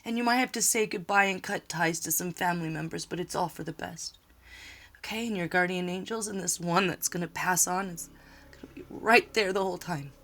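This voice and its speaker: A woman's voice: on the low side, fairly quick, fairly bright tone. A woman giving a tarot reading, talking earnestly and reassuringly, repeating short words of encouragement. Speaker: tarot reader.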